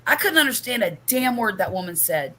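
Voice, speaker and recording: An older woman hosting a casual chat, expressive and chatty. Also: on the high side, a little fast. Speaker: host.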